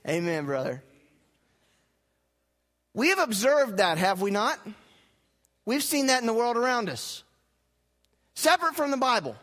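Male pastor with a high voice, preaching in a dynamic sermon style, with call-and-response to the church. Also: very animated, unhurried, pauses often. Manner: wide swings from loud emphatic lines to low quiet ones; rhetorical questions and call-and-response with the congregation.

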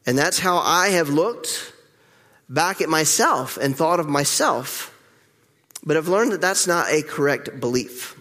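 A middle-aged male pastor preaching a candid, reflective sermon with pauses, heard with the long reverb of a church hall. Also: on the high side, lively intonation, sharp tone. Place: church sanctuary.

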